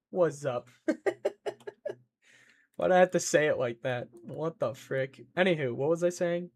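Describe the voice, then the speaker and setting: A young man streaming live, thinking out loud as he codes and answering his chat in a rambling, playful way. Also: a little high.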